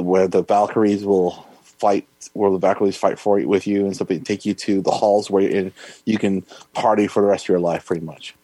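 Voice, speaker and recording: A man's voice: lowish voice, dark tone, dry recording. A man on a casual movie podcast, trading dry quips and rambling through explanations. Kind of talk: casual movie review chat.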